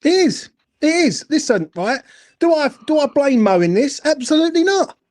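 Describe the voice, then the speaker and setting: A high-voiced man delivers a heated, expletive-filled football fan rant. He hammers his points again and again and keeps demanding agreement from his co-host. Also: big pitch swings, moderate pace, darkish tone. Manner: angry, sweary, repeats "do you know what I'm saying".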